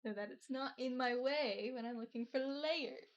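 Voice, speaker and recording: A woman with a slightly high voice chats on a stream. She drops quiet, offhand remarks while she works. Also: moderate pace, muffled recording. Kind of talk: casual chat on an art stream.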